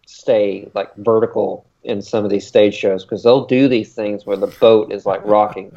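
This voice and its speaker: A man co-hosting a podcast chats casually, rambling and excitable, with lots of "uh" fillers. His voice is on the low side and gravelly, at a moderate pace. The recording has a dull, lo-fi sound.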